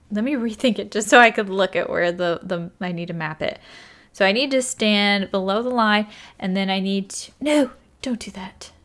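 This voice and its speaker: A woman's voice: mid-range voice, fairly bright tone. Chatty woman thinking aloud over a game. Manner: thinks aloud, counts tiles, apologetic and chatty. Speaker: gaming YouTuber. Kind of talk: casual let's-play commentary.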